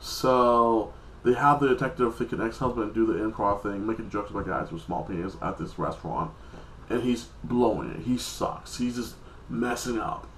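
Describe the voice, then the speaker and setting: A man's voice: on the low side, normal speed, a bit bright, reverberant, slight background noise, poor audio. A man casually recapping a TV episode in a rambling, loose way, with heavy use of filler words. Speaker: TV episode reviewer.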